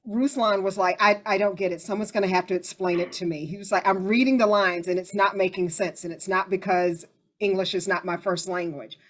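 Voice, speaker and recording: A woman hosting a casual group discussion, chatty and animated as she tells stories. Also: mid-range voice, brisk.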